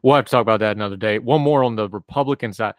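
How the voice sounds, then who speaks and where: A man's voice: on the low side, racing, dry recording. A man co-hosting a casual political discussion, making wry, knowing asides.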